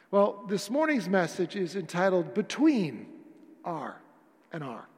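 In an echoey church hall, a male pastor delivers a conversational sermon to his congregation from the sanctuary. His voice sits high with a darkish tone, and he acts out little dialogues as he preaches.

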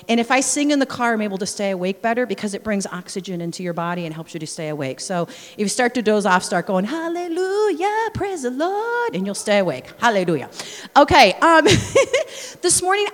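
A woman missionary giving a sermon full of personal stories, acting out scenes and exclaiming praise. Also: on the high side. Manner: lively storyteller, acts out scenes, exclaims praise. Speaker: missionary speaker. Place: church sanctuary. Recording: long reverb of a large church hall.

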